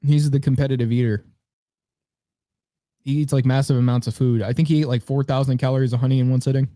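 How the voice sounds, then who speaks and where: A man's voice: medium pitch, steady tone, fast, warm tone, no room sound, studio quality. A young man co-hosting a podcast in casual chat, rambling with fillers and laughing often. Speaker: podcast co-host.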